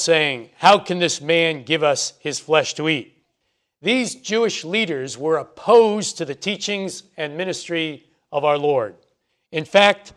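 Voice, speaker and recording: A man's voice: fairly high pitch, a bit bright. Emphatic man teaching scripture. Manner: measured, emphatic on quoted scripture. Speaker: bible teacher. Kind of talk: expository bible teaching.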